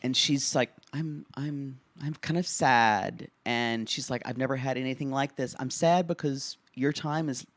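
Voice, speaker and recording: A man co-hosting a podcast, telling show moments in an animated, raunchy way and laughing often. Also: medium pitch, unhurried, few pauses, dry recording. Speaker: podcast co-host. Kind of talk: casual comedic recap chat.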